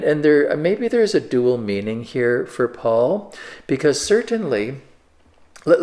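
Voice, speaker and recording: A man's voice: mid-range voice, darkish tone. A man, a pastor, teaching an informal sermon in a conversational way with frequent fillers and restarts. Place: church.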